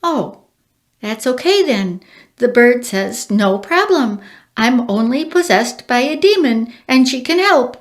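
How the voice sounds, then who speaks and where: A woman voicing an overwrought, frightened young woman who talks in a shaky, high voice. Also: lively intonation, takes it slowly. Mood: hysterical.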